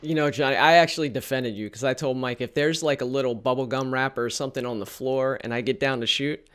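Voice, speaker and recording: A man's voice: mid-range voice, steady tone, fast talker, a bit bright, clean tone. A man hosting a casual podcast interview, asking questions in an easygoing, friendly way. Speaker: podcast host.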